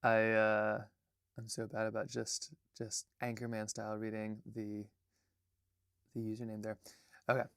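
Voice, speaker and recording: A man's voice: on the low side, completely flat delivery, unhurried, gravelly, long pauses, a bit bright, smooth, no echo, studio quality. A man hosting a livestream in a casual, rambling way, chatting with viewers and stopping often to apologize and restart. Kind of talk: casual livestream chat and read-through.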